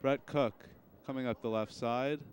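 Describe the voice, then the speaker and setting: A young man calls a school soccer match play by play, steady and even. He is recorded outdoors at the field with a faint hum of noise behind him. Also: medium pitch, moderate pace. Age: young adult. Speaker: play-by-play announcer. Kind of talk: live sports commentary.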